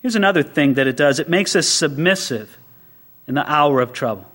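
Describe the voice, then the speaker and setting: A man's voice: a little high, expressive, brisk, fairly bright tone. A man preaching a sermon to his congregation, reading scripture and asking rhetorical questions, his voice rising sharply on quoted prayers. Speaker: pastor.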